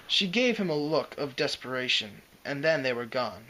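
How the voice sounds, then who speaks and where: A man reading fan fiction aloud, expressive and dramatic, with occasional slips and restarts. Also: mid-range voice, normal speed, poor audio. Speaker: reader.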